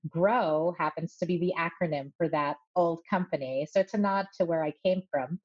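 A woman who runs a voice studio, speaking as a guest in a measured, articulate and friendly way. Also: fairly low pitch, dull audio. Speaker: voice coach. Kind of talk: interview guest.

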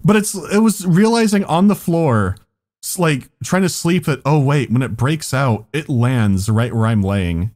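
A man's voice: medium pitch, lively intonation, a little slow, a little mellow. A man hosting a podcast, telling a story in casual chat, laughing often and swearing freely. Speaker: podcast host.

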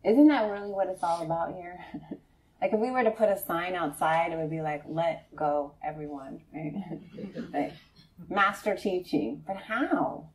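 A woman meditation teacher giving a conversational dharma talk to a live group, laughing often and checking in with her listeners. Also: normal speed. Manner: conversational, laughing often, frequent "right?" to the audience; animated storytelling, voicing friends in a high excited tone.

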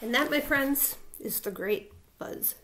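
A woman teacher reading a children's picture book aloud with playful, expressive emphasis. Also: high-pitched, a little slow, a little hiss or hum.

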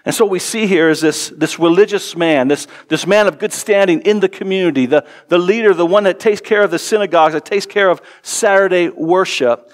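An earnest man in his forties preaching from the pulpit. His voice sits a little high for a man, and he repeats words as he leans into a point, then sinks quiet for tender moments. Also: fairly quick, few pauses. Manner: earnest, repeats words when emphasizing, drops soft and low for tender passages. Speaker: pastor. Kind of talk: sermon.

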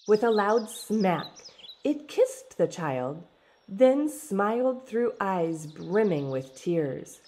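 A woman reading a children's storybook aloud in an expressive, dramatic way. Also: lowish voice, slight background noise. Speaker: storybook reader.

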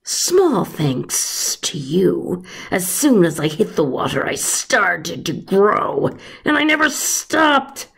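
A woman voicing a talking snake that pleads in high cries and later hisses slowly as a sea monster. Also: creaky, breathy edge, exaggerated voice. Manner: shrill pleading cries, then slow hissing.

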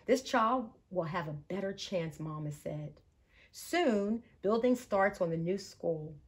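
A woman reading a children's picture book aloud at a storytime, slow and expressive. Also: mid-range voice. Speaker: storytime reader.

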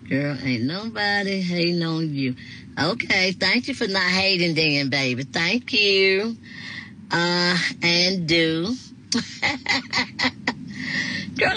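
A woman's voice: fairly low pitch, bright, forceful tone, a little hiss or hum, low-quality recording. A woman, chatting casually with viewers as she reads out their comments, laughing often and talking back to them. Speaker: live-stream host reading viewer comments. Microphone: phone.

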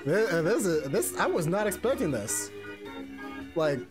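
A man giving casual, excitable play-by-play commentary on a game tournament from his home stream. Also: high-pitched, a little slow, over music. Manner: excitable, casual gamer slang. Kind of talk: live esports play-by-play commentary.

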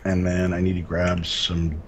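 A man co-hosting a casual Minecraft let's-play, relaxed and narrating each step as he builds. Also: low voice, measured pace, slight background noise. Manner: relaxed, narrates his own building steps. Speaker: gaming channel co-host.

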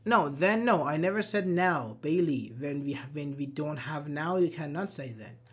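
An online English teacher giving a live grammar lesson, slowly repeating example sentences and answering chat. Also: medium pitch, lively intonation, slightly rough. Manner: slow, repeats examples, apologizes and laughs at own slips.

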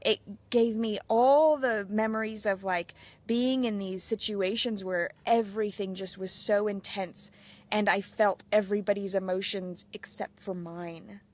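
A mothers' mentor in her thirties talks a little slowly in a mid-range, fairly even voice. During a casual live chat she earnestly and openly relates personal stories, quoting what her inner voices said.

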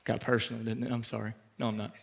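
A man pastor preaching a sermon, swinging from loud emphatic peaks down to quiet asides to the congregation. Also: level tone, quick pace, vocal fry. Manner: preaches with sharp rises to loud emphatic peaks, then drops low and quiet.

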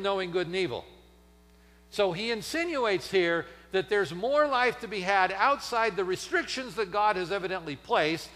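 Animated high-voiced preacher in echoey church. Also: male voice. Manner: dramatic, swings between loud emphasis and near-whispers. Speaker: pastor. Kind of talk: sermon. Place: church sanctuary.

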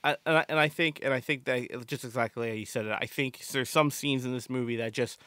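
A man's voice: medium pitch, fairly quick, a bit bright, dry recording. Rambling podcast man, dry close sound. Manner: rambling with many fillers and restarts. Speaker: podcast co-host. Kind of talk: casual chat.

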